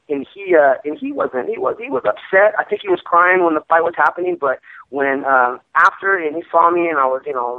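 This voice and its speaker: A man's voice: mid-range voice, no echo. A man, a fighter, talking casually in an interview and rambling with lots of repeated fillers. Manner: rambling, repeats "you know what I mean". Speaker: MMA fighter guest. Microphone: phone call. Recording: tinny phone line.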